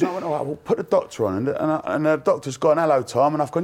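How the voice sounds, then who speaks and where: Guy rattling off a crazy story to the panel, keeps laughing, fairly high voice. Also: lively intonation, quick pace, a little hiss or hum. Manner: breathless, laughing anecdote with acted quotes. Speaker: fan panel guest. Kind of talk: animated storytelling.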